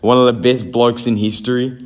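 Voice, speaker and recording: A man's voice: medium pitch, little pitch movement, a little fast. A fifteen-year-old Australian boy co-hosting a casual podcast, rambling with restarts and laughing at his own stories. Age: teens. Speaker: podcast co-host. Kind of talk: casual chat.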